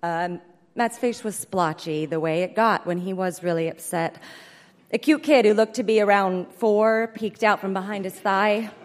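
A woman performing a comic story reading live, in a brisk, deadpan manner, heard in an echoey hall. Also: medium pitch. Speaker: comedic storyteller.

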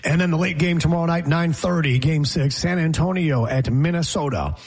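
A man hosting a sports talk show, chatting casually and running through the schedule with animated, opinionated commentary. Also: fairly high pitch, brisk, husky. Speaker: sports radio host.

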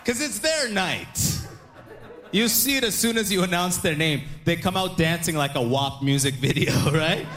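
Young man in his stand-up set, a fairly high voice, animated delivery with quoted characters. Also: normal speed. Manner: animated, acts out quoted voices, laughs through lines. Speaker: stand-up comedian.

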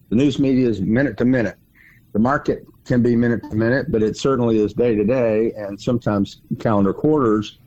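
A middle-aged man with a fairly low voice hosts a financial radio program, explaining things in a casual, emphatic way. He leans on repeated words to drive his points home. The sound is muffled and lo-fi. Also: dark tone, slight background noise. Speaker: financial radio show host.

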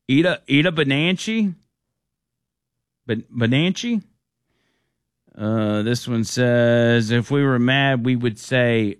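A man hosting a talk radio show, reading out listener texts at an unhurried, drawn-out pace. His voice is dry and close to the mic, with frequent amused chuckles. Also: medium pitch, clear, resonant tone, no room sound. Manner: amused, laughing often, reads texts aloud slowly.

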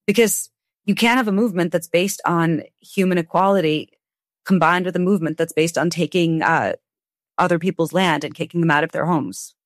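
A woman guest author answering in a podcast interview, telling stories with lively, sharp emphasis. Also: lowish voice, normal speed, dry recording, clean studio sound. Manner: animated, storytelling with sharp emphasis.

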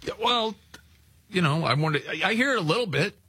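A man hosting a casual panel chat, emphatic and opinionated, tossing in quick asides. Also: high-pitched, expressive, pushed and bright, husky, no room sound. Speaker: host.

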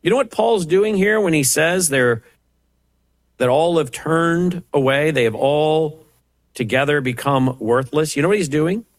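An impassioned man teaches the Bible verse by verse, firing off rhetorical questions and mocking asides as he builds to forceful preaching. His voice sits a little higher than most men's, and the sound is close and dry with no room around it. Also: a little slow, no echo. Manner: impassioned, rising to emphatic preaching on scripture. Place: at a computer, typing up passages.

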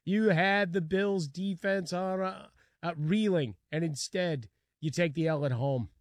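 A man co-hosting a sports radio show in a studio, chiming in with quick banter and short replies. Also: high voice, no echo. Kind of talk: casual sports radio chat.

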